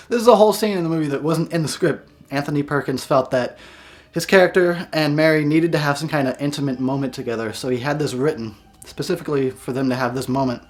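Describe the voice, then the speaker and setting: A man giving a casual movie review, swearing freely and often breaking into laughter. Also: on the high side. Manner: giggly, profane, breaks into laughter.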